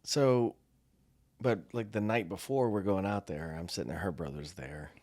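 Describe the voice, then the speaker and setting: A man's voice: deep voice, normal speed, no echo. A middle-aged man from the United States, co-hosting a podcast and telling a story in casual chat, acting out the voices of the people in it. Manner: animated storyteller, acts out quotes. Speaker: podcast co-host.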